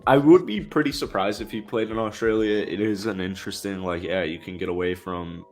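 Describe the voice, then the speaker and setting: A man's voice: lowish voice, brisk, soft background music. A young man co-hosting a basketball show, chatting casually, laid-back and easily amazed. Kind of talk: casual sports talk.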